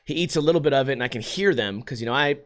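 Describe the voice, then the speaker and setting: A man's voice: medium pitch, racing. A man hosting a podcast, telling a restaurant story in a casual, ranting, profane way. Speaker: podcast host. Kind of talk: casual chat.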